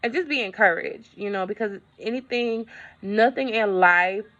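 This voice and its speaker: A woman's voice: medium pitch, moderate pace, a bit bright, dull audio. A woman vlogger in a casual update, telling a story in a chatty way and talking straight to her viewers.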